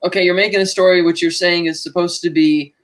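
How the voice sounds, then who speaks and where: High-voiced man chatting about films. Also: steady tone, fast. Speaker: podcast co-host. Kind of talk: casual movie discussion.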